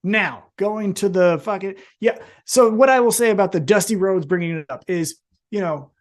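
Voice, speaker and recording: A woman's voice: medium pitch, moderate pace, darkish tone. A woman co-hosting a wrestling podcast, chatting casually with emphatic swearing. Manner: profane, emphatic. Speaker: podcast co-host.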